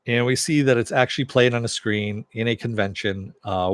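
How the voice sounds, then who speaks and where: A man with a fairly low voice talks through an episode recap in a loose, chatty way. He fills pauses often and chuckles as he retells the scenes. The sound is dry, with no room around it. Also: a bit bright, no echo. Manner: chatty, many fillers, chuckles while retelling. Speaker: TV series reviewer.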